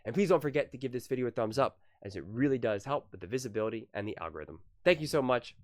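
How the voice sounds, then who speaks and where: A man's voice: mid-range voice, lively intonation, fast, no room sound, clean studio sound. Heated man ranting on sports. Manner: heated, emphatic, repeats points for stress. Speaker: sports commentary channel host. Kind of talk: solo sports opinion commentary.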